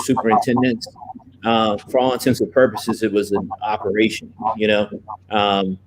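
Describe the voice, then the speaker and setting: Casual storytelling man, faint noise. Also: mid-range voice. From Virginia. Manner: casual, drops "man" and "you know" often. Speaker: podcast guest, real estate investor.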